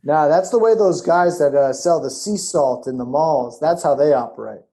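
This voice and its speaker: Joking New podcast co-host. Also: male voice, on the high side, moderate pace, mellow. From New Jersey. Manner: joking storyteller. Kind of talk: casual chat.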